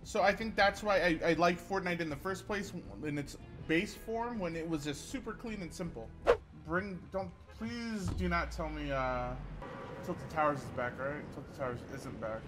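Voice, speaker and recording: A woman's voice: on the low side, normal speed, over music. A young woman giving casual commentary as she streams a game, swearing freely and laughing often. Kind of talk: casual live-stream commentary while gaming.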